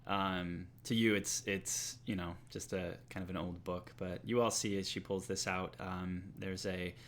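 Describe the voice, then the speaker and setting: A man narrating as game master for a tabletop role-playing game, in a relaxed way with many fillers. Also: deep voice, unhurried, a little hiss or hum.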